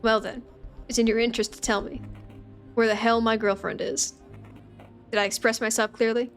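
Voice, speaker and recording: A woman's voice: fairly high pitch, little pitch movement, normal speed, faint music behind, natural voice. A woman voicing an aggressive, bullying young man while reading game dialogue aloud. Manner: rough and threatening.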